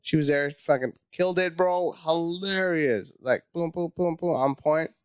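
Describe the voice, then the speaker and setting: A man telling a casual, profane story as a comedy guest, acting out his own panic in high voices. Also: measured pace, clear, resonant tone, no echo, studio quality.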